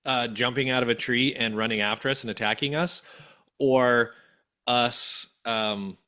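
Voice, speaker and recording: A man's voice: medium pitch, steady tone, measured pace, bright, forceful tone. A man co-hosting a business podcast in casual chat, explaining his points through analogies. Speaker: podcast co-host, business coach.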